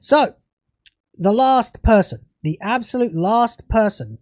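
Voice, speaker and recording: High-voiced British man ranting profanely. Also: animated, slow pace, no echo, studio quality. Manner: profane, furious ranting that later cools to casual chat. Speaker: TV show reviewer. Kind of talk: livestreamed review rant.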